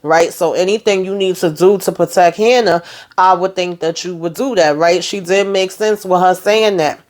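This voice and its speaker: A woman's voice: on the low side, normal speed, a little mellow. A woman hosting a casual TV episode recap, sassy and colloquial, talking back to the characters. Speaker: TV recap host.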